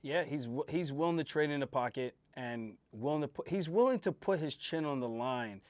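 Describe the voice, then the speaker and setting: A man, a host and fighter, giving a casual fight breakdown in an emphatic, animated way and swearing freely. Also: a little high, normal speed, dry recording.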